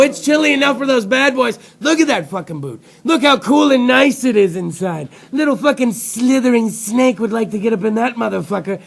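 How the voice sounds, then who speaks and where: A man with a very high voice and a gravelly, frying edge hosts a talk show. He talks in a rowdy, profane comedic rant, swearing freely and breaking into loud outbursts.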